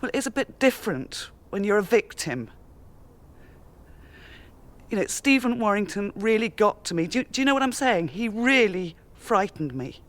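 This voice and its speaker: An actress playing a frightened, angry police detective, dropping low then flaring into shouts. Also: female voice, big pitch swings, normal speed, natural voice. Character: shaken police detective woman, frightened and furious. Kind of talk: TV drama acting.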